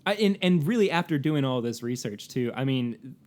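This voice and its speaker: A man's voice: mid-range voice, animated, normal speed, a little mellow. A man co-hosting a casual podcast, talking through facts with many fillers. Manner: chatty, reads facts with frequent fillers and laughs. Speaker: podcast co-host. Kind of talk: casual chat.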